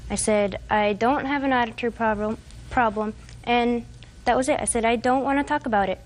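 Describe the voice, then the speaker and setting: A woman in her twenties giving courtroom testimony, retelling events haltingly with fillers and restarts. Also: on the high side. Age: 20s. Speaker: defendant.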